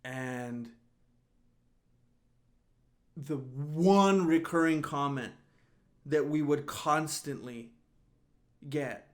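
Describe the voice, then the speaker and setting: A man's voice: fairly high pitch, drawn-out words, pauses often. A man hosting a casual solo podcast, rambling and often laughing as he restarts his sentences. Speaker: podcast host.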